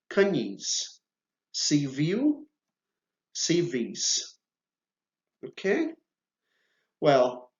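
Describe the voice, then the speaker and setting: A man teaching a video lesson, patient and reassuring, checking in with "okay" often. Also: a little high. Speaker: Portuguese teacher. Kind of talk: slow, deliberate video lesson. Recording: roomy, slightly dull sound.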